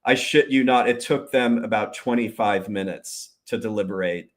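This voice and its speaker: A man with a lowish voice tells a long story as the host of his own show. He talks casually, swears freely and livens things up by acting out the people he quotes. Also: normal speed. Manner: profane, animated retelling with quoted voices. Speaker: podcast host.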